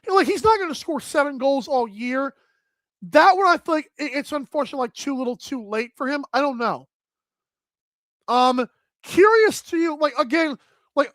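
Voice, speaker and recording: A woman hosting a live sports talk stream, chatting casually and thinking out loud with lots of filler words as she addresses viewers. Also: sits high, no echo. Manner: chatty, thinks aloud with many "like"s, addresses chat. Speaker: sports talk show host.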